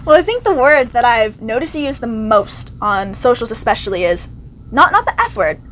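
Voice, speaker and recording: A young woman with a Canadian accent, hosting a casual interview, bubbly and quick to laugh. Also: fairly high pitch, sing-song, a bit bright, slight background noise. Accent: Canadian English. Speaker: interviewer host.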